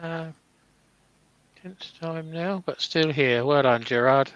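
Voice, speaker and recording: A man hosting a casual woodturning livestream, relaxed and full of puns and fillers. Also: a little high, takes it slowly, smooth, no room sound, muffled recording. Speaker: livestream host.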